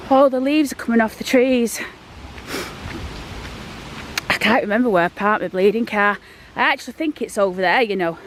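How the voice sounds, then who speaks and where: A woman's voice: on the high side, fast, a little hiss or hum. Breathless woman vlogging. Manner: chatty, rambling, down-to-earth. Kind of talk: casual walk-and-talk vlog. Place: outdoors, walking through town. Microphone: handheld phone.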